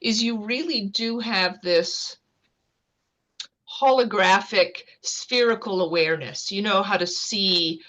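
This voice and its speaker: A woman from the United States, a scientist and author, talking fast and earnestly as an interview guest on a video call. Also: mid-range voice, a bit bright. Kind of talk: casual interview talk.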